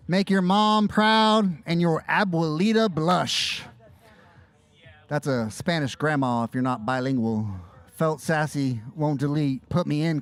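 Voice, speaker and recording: A man's voice: high-pitched, clear, resonant tone, no room sound. A man announcing a bike race live outdoors, joking and playing with words as he calls the finish. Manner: jokey, playful wordplay.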